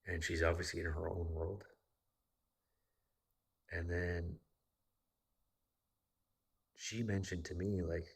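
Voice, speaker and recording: A man's voice: low voice, flat delivery, slow pace, gravelly, pauses often, husky. A man from the United States telling a personal story in a casual, rambling monologue, swearing often. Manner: profane and rambling, with frequent fillers. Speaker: vlogger.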